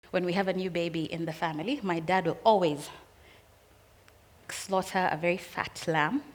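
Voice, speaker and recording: Woman telling a personal story. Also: fairly low pitch.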